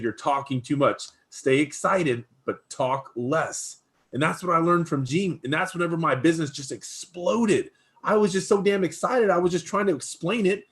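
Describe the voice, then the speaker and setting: A real estate recruiter telling a story in a casual, rambling way, full of restarts and fillers. His voice is fairly high for a man. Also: expressive, a little fast.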